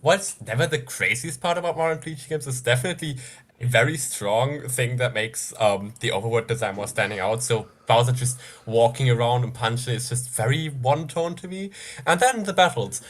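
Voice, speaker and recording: A man's voice: mid-range voice, fairly quick. Insistent male caller arguing his point. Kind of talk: casual call-in argument.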